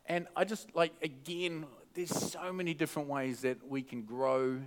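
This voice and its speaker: Man pastor with a high voice who preaches casually at a church service. He is chatty and jokey and keeps restarting his sentences. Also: flat delivery, normal speed. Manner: chatty and joking, with many restarts. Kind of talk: casual sermon. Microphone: microphone.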